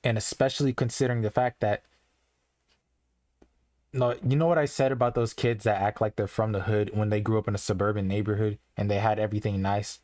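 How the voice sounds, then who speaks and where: A young man talks loosely and earnestly to his live-stream chat, rambling, restarting often and saying "like" a lot. His voice is on the low side, darkish and level, a little fast, with a dry, studio-quality sound.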